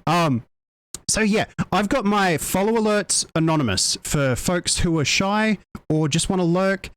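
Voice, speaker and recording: A young Australian man chatting excitedly on a live stream, giggling and tripping over his words. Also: high voice, measured pace, clean tone, no room sound. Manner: excitable, giggly, stammering restarts, mild faux swearing. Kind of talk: casual live-stream chat.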